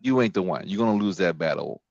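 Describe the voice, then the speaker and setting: A man's voice: low-pitched, fast talker, creaky, highs cut off, a little hiss or hum. A man hosting a casual podcast, telling stories with crude jokes and acting out the voices of the people he quotes. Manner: animated storyteller, crude and joking, acts out quoted voices. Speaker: podcast host.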